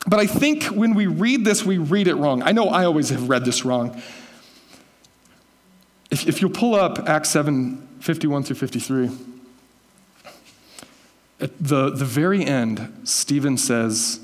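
A man's voice: a little high, measured pace, long pauses. Man preaching a sermon in a hall. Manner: conversational, self-correcting, teasing congregation members by name. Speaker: pastor.

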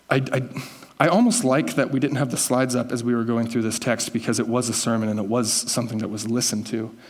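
A man's voice: medium pitch, in a large hall. A man preaching a conversational sermon as a pastor, correcting himself and teasing listeners by name.

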